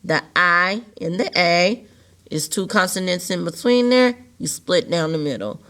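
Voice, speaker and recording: A woman's voice: on the low side, lively intonation, a little slow, fairly bright tone. A woman teacher patiently walking children through a phonics lesson step by step. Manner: patient, step-by-step explaining with rhetorical questions.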